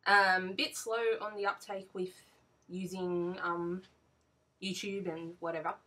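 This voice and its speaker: A woman in her twenties with an Australian accent, talking slowly and haltingly with many ums while recording herself at home on a computer. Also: lowish voice, level tone, bright, forceful tone, distant mic. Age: 20s. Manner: slow and halting, with frequent ums. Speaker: vlogger. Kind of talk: casual monologue reading a word list. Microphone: built-in computer mic.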